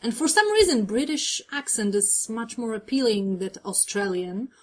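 A woman's voice: a little high, very animated, normal speed, darkish tone. A woman co-hosting a podcast, chatting casually and teasing her co-host with laughing asides. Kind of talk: casual chat recapping a TV episode.

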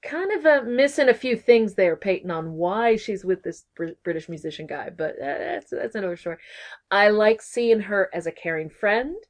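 A woman's voice: mid-range voice, expressive, normal speed. A bubbly woman from Texas co-hosts a podcast with a mid-range voice. She chats casually and gushes with giggly enthusiasm while recapping an episode. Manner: bubbly and gushing, with giggly asides. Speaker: podcast co-host.

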